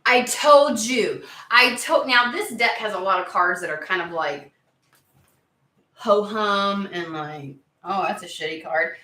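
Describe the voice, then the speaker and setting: Bright, excitable woman reading tarot. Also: medium pitch, slow, roomy sound, rough recording. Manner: chatty and excitable, swears freely, many fillers. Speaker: tarot reader. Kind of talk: casual tarot reading to camera.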